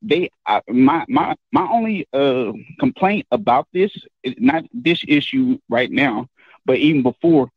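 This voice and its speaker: A man's voice: medium pitch, lively intonation, unhurried, breathy edge, no echo. A man calling in to a show, speaking hesitantly with many fillers. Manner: hesitant, full of fillers, laughing at first. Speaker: caller. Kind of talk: phone-in commentary. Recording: dull lo-fi phone line.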